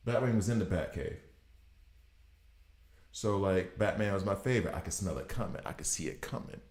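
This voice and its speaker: A man in his thirties giving casual gameplay commentary, riffing in an animated, exasperated way. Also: fairly low pitch. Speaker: gaming video host. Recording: roomy echo.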